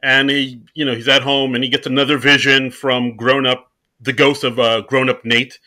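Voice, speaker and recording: A man co-hosting a podcast, retelling a comedy film's scenes in a relaxed way, full of "like" and "you know". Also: mid-range voice, moderate pace. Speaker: podcast co-host. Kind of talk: casual movie-recap chat.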